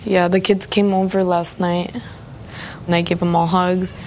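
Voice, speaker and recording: A woman's voice: on the low side, level tone, a little slow, a little mellow. A woman who works at a youth center, talking casually and affectionately with the kids. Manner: affectionate, calls the kids "baby". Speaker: youth center staff member. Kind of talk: casual talk recorded on location. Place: community center indoors. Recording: noisy on-location field recording.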